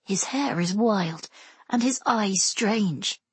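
A woman's voice: mid-range voice, expressive, slow pace, slightly rough, no room sound, heavily acted. A woman voicing a frightened, tired young boy who gives timid, hesitant answers in an audiobook.

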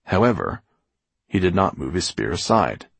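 A man narrating a novel aloud with expressive storytelling. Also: low voice, normal speed, gravelly, slightly rough, no echo. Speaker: audiobook narrator. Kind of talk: scripted narration.

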